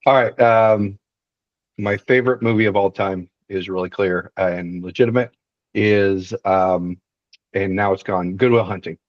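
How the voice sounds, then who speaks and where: Deadpan joking man, slightly dull audio. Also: low voice, a little slow, no echo. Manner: deadpan joking, dry self-mocking humor. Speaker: co-host. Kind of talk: casual podcast chat.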